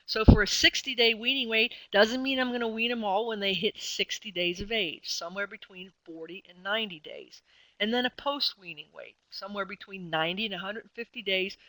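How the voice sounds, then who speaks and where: Bright-voiced woman giving a webinar lecture. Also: medium pitch, fairly quick, no room sound, low-quality recording. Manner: conversational teaching with frequent fillers and self-corrections. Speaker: extension specialist presenting a webinar.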